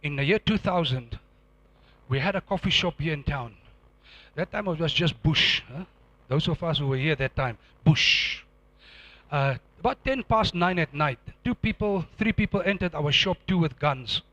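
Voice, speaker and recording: Middle-aged preacher guy, high bright voice, dramatic storytelling, dry close sound. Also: lively intonation, normal speed, no room sound. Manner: dramatic storytelling, acting out scenes with loud outbursts. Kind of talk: sermon testimony.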